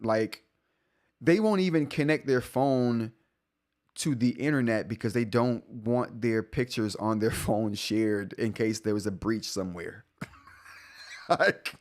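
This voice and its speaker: A man's voice: on the low side, a little slow, darkish tone. Man, 40s, live stream host, casual rambling chat, self-correcting, laughs a lot. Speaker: tech show host.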